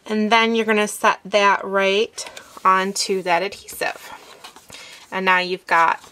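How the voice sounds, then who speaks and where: A woman's voice: mid-range voice, fairly even intonation, slow pace, sharp tone. Woman walking through a craft project. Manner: instructive, fillers and step-by-step asides. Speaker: crafting tutorial host. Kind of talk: demonstration, talking while working.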